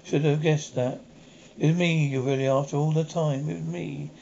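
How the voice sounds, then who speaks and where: A man's voice: fairly high pitch, fairly even intonation, normal speed, gravelly, dark tone, a little hiss or hum. A man playing a desperate, paranoid murderer in custody, turning accusing and frantic. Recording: dull lo-fi recording.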